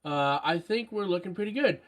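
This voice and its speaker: Woman, gaming podcast co-host, casual chat, animated, reads listener comments aloud. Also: on the low side, brisk. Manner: animated, jumps to excited shouts.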